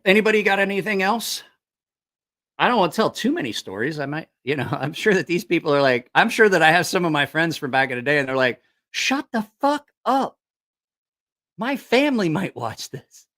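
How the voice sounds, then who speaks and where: Lively, profane male livestream host. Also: fairly high pitch. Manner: lively, profane, laughing storyteller. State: a little tipsy after drinks. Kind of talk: casual storytelling livestream.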